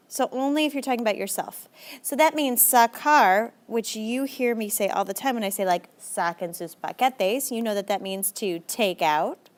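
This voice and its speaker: Woman, young adult, teacher, recorded lesson, brisk, chatty, encouraging, fairly high voice. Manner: brisk, chatty and encouraging, with lively jumps in pitch. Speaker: Spanish teacher.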